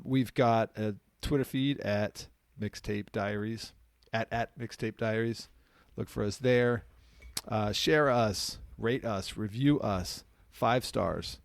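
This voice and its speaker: A man's voice: lowish voice, measured pace, creaky, hardly any pauses, no echo. A man hosting a podcast in casual, joking chat, rambling a little with ums. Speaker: podcast host.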